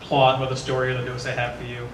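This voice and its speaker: A nervous, self-deprecating man asks a question from the audience, his words tumbling out quickly. He sounds distant in a large, echoey hall with faint noise around him. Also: mid-range voice, completely flat delivery, a bit bright. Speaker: audience member asking a question. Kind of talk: convention Q&A.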